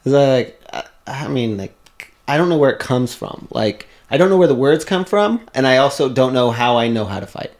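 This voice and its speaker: Lively, sassy male podcast host. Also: medium pitch, fairly quick. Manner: animated, sassy storytelling. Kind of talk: casual podcast chat.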